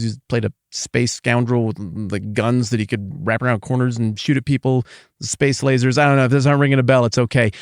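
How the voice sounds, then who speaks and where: A middle-aged man hosting a podcast, talking in an animated, conversational way with rambling asides. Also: medium pitch, no room sound, studio quality. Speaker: podcast host. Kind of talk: casual monologue.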